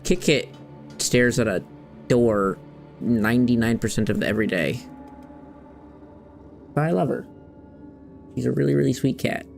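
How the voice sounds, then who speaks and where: A man's voice: mid-range voice, creaky, darkish tone. A man hosting a gaming video, chatting casually in a rambling, candid way and swearing now and then. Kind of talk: casual chat while playing.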